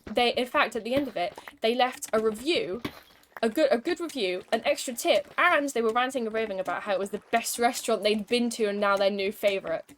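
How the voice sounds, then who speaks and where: A woman's voice: a little high, fairly quick, slight background noise. A young woman streaming a game, chatting casually and telling an exasperated, wry story between moves. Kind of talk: casual gaming commentary with storytelling.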